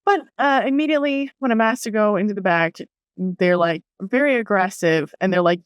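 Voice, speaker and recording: A young woman telling a personal story to her vlog audience in a casual, animated way, swearing freely and acting out what others said. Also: medium pitch, fairly quick, smooth, no echo, studio quality. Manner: animated, swears freely, acts out quoted voices. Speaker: vlogger.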